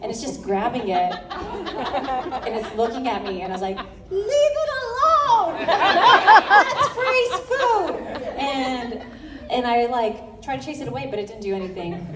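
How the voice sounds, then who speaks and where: A woman's voice: fairly high pitch, animated, normal speed. A woman from Los Angeles, a convention panel guest, telling chatty, giggly stories full of fillers. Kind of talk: animated storytelling at a fan panel. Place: large convention hall. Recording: echoey hall from far off, loud crowd noise.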